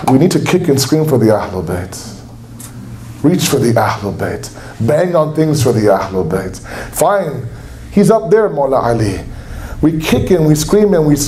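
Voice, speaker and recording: A man's voice: on the high side, dark tone. A young man preaching a sermon at a religious center, impassioned, acting out quotes in a raised voice. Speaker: speaker at a religious gathering. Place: lecture hall at a religious center.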